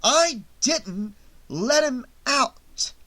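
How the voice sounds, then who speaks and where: A man's voice: very high voice, expressive, slow pace, a bit bright, voice pushed up, exaggerated voice. A man voicing a tense, obsessed psychiatrist who speaks urgently and anxiously in an audiobook reading. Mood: brooding. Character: haunted middle-aged male psychiatrist, tense and obsessed.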